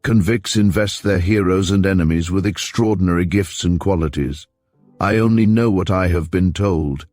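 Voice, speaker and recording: A man's voice: low-pitched, a little mellow, no echo, soft background music, close to an everyday voice. A man reading a cold ex-convict, clipped. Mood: guarded. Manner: cool, clipped, deliberate. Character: cold, guarded young man back from prison.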